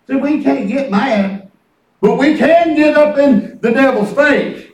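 An older man preaching a sermon, telling folksy stories and dropping into low muttered asides. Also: slow, a little mellow. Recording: roomy church from far off.

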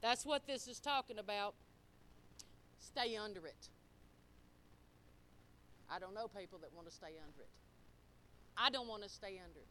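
A middle-aged woman preacher giving a sermon, telling folksy stories and prodding her congregation for responses, swinging between quiet and loud. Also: mid-range voice, expressive, normal speed, pauses often, slight background noise.

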